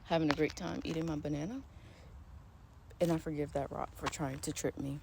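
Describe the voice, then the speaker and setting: Low-voiced woman rambling on a trail. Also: steady tone, a little fast. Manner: rambling, chatty, with lots of fillers and laughs. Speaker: vlogger. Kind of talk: casual vlog chat while hiking. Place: outdoor nature trail near a pond. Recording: outdoor ambience with clear background noise.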